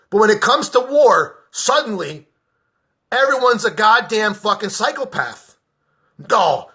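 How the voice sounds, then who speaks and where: A man's voice: high-pitched, pushed and bright. An American man, a veteran, delivering a heated, profane, sarcastic political rant to the camera in an agitated state. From United States.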